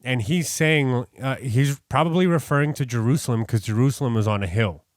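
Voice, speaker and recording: A New York man co-hosting a podcast works through a Bible passage in casual study chat, earnest and rambling, restarting and correcting himself often. His medium-pitched voice moves a little fast, captured in a dry, clean studio recording.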